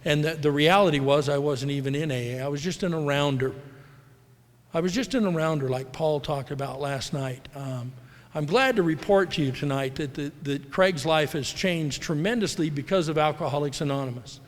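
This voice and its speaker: This middle-aged man from the United States, his voice on the high side and his pace moderate, rambles candidly through a personal talk at a recovery convention, mimicking the people he quotes. The live recording from a large hall has long reverb.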